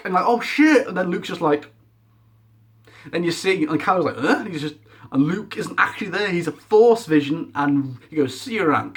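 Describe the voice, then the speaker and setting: Exasperated man ranting about a film. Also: on the high side. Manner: animated, exasperated, sound effects. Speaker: film reviewer. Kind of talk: ranting film review vlog.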